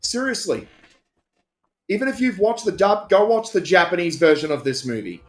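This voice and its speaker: A man co-hosting a movie-riffing stream, chatty and full of trivia. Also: high voice. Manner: chatty, knowing, quick to add trivia. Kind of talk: casual movie-riffing chat.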